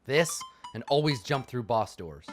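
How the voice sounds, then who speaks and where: Brief: streamer guy, casual joking commentary to chat, lively up-and-down voice. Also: mid-range voice, measured pace, soft background music.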